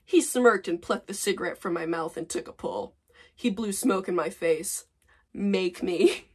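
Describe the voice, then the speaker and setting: A woman's voice: mid-range voice, moderate pace, a little mellow, slightly rough. Sarcastic woman reading old fanfic aloud. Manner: sarcastic, exasperated, laughing at herself. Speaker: vlogger.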